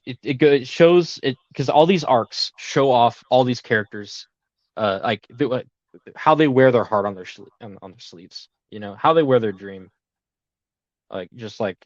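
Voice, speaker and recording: A man's voice: mid-range voice, dry recording, muffled recording. A young man co-hosting a casual podcast, rambling with lots of fillers and easy laughter. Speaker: podcast co-host.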